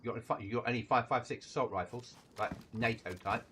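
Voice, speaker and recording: A man in casual gaming chat with a teammate, talking in a quick, dry, sarcastic way. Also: mid-range voice, bright, forceful tone. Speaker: streamer playing a survival game. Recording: noisy game stream audio.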